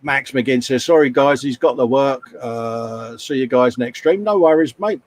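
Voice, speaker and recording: A middle-aged man hosting a casual live stream chat, reading out viewer comments in a matey, gently scolding way. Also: mid-range voice, unhurried, no echo.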